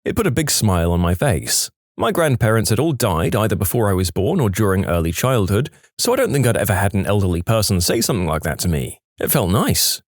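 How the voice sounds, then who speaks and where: A man narrating online stories in an expressive, scripted storytelling manner. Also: lowish voice, brisk, few pauses, no room sound, clean studio sound.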